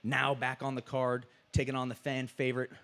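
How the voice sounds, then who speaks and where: A man's voice: mid-range voice, monotone, brisk, fairly bright tone. Chatty fight commentator guy asking the fighters questions, lots of ums and uhs, hyped up. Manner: chatty and enthusiastic, many fillers. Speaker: commentator and press conference moderator. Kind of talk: casual press conference questions.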